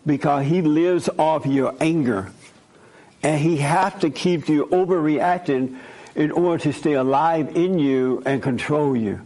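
A man delivers a loose, conversational sermon, circling back to repeat his points and tagging lines with "right?". His voice sits a bit high for a man and carries a gravelly, fry-laden edge throughout. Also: a little mellow. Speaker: preacher. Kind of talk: informal spoken sermon.

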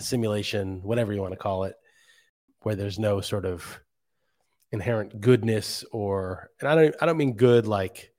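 A man hosting a casual solo podcast, congested from a cold, rambling reflectively with fillers and restarts. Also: on the low side. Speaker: podcast host.

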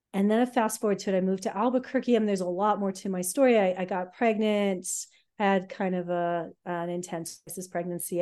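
A woman telling her own life story on a podcast, candid and halting, with many fillers. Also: medium pitch, dark tone.

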